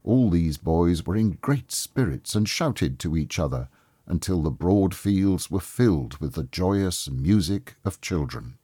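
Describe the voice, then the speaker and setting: A man reading a classic story aloud as storybook narration, in a calm, measured and expressive way. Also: low-pitched, husky, no room sound, clean studio sound.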